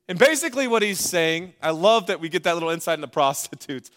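A man's voice: on the high side, expressive, fast, hardly any pauses, a bit bright. A man preaching a sermon in a playful, conversational way, with asides to the congregation. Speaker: pastor.

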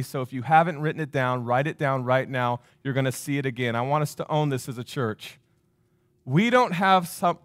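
A man's voice: fairly high pitch, no echo, studio quality. A man preaching a sermon to his church, talking casually and telling stories straight to the congregation. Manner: conversational, storytelling, addresses congregation directly. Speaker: pastor.

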